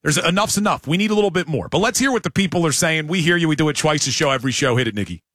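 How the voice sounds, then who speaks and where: A man hosting sports talk radio, making emphatic, animated points about his team. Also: fairly high pitch, racing, slight background noise.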